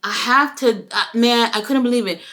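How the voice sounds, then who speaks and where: A woman's voice: a little high, moderate pace. A woman giving a casual, profane wrestling review, acting out the quotes. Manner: animated, profane, acts out quotes.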